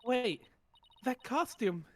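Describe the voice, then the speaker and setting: A man's voice: very high-pitched, sing-song, takes it slowly, pitched above the performer's own voice, full character voice. A man voicing a keen young female defense lawyer in an amateur game dub, eager and upbeat.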